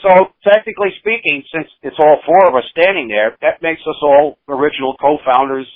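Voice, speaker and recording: Tinny, phone-like, dry audio carries this interview with a man in his sixties, a musician who rambles through anecdotes, often restarting and acting out quotes. He speaks a little high and fairly quickly, with no room sound.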